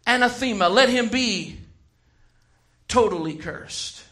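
A man preaching a sermon, who shouts some phrases and slows right down to stress others. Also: high voice, lively intonation. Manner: emphatic, swings from shouting to slow stressed words.

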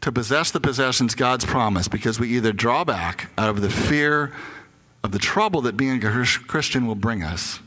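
Older male pastor, bright tone, candid storytelling sermon. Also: mid-range voice. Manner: candid personal storytelling, acting out his own inner voice. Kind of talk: conversational sermon.

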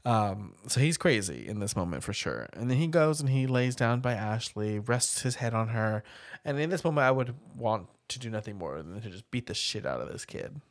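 A man's voice: fairly low pitch, very animated, moderate pace, dry recording, studio quality. A man co-hosting a podcast, chatting casually through a movie recap in a laid-back, rambling way with casual swearing. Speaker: podcast co-host.

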